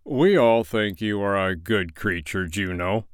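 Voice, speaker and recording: A man voicing a polite, kindly crane in a storybook, talking slowly and evenly. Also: on the low side, clear, resonant tone, no echo, studio quality, lightly acted.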